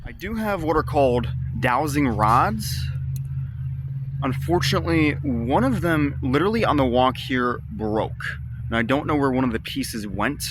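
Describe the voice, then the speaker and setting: A man sits in an outdoor cemetery at dusk, recording into a phone strapped to his arm. He calls out to spirits in a slow, coaxing voice and breaks off for relaxed asides to his viewers. Faint traffic hums in the background. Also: mid-range voice. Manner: calm, slow, coaxing call-outs mixed with casual asides to viewers. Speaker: paranormal vlogger. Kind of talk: ghost-hunting vlog, calling out to spirits.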